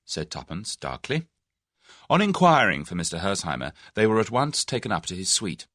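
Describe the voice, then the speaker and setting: A man narrating a mystery novel as a measured audiobook reader. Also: sits low, animated, a bit bright, dry recording, studio quality.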